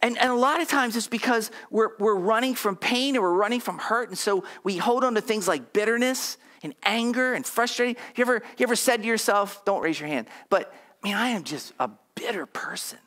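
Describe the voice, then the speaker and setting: A male pastor delivers a conversational sermon in a high, fairly bright voice, speaking fairly quickly with few pauses. He leads the congregation through repeated affirmations, drawing them into call-and-response.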